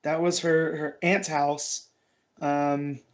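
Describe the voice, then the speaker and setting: A man's voice: fairly high pitch, flat delivery, slow pace. A man co-hosting a comic book podcast, chatting in a loose, laid-back way with slangy filler. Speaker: podcast co-host. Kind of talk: casual comic book review chat.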